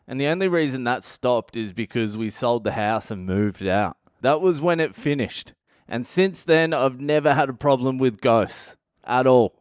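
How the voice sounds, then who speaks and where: An Australian man in his thirties tells a story in a blunt, offhand way, swearing often. His voice is smooth and clear. The recording is close and dry. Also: mid-range voice, no echo. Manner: swears constantly, blunt and conversational. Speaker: comedian and podcast host. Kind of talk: casual comic storytelling.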